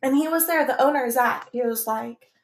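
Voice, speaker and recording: A woman's voice: sits high, moderate pace, roomy sound. A woman vlogger telling a personal story in a casual, meandering way, hesitating and restarting often.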